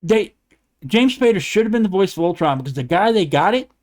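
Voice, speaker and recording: Profane, animated man ranting on a podcast. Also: high voice, a little fast. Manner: animated, profane, rambling with laughs. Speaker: podcast co-host. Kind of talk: casual debate chat.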